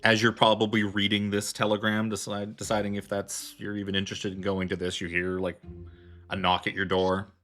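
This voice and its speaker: Low-pitched male game master, casual and rambling, soft music underneath. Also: completely flat delivery, a little fast. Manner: loose, filler-heavy narration. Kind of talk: narrating a tabletop game.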